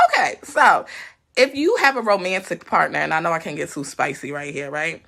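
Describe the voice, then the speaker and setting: A young woman talks through a tarot reading in a loose, blunt way, cursing and laughing as she goes. Her low voice has a gravelly edge and a bright, forceful tone, and it swings up and down a great deal. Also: expressive, brisk. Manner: chatty, blunt and profane, laughs often. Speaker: tarot reader. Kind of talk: casual collective tarot reading to viewers.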